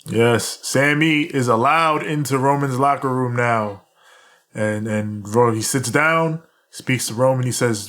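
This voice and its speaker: A man's voice: mid-range voice, a little slow. Male podcast co-host, casual, laughs a lot, acts out quoted lines while recapping. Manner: laughs often, animated retelling with quoted lines.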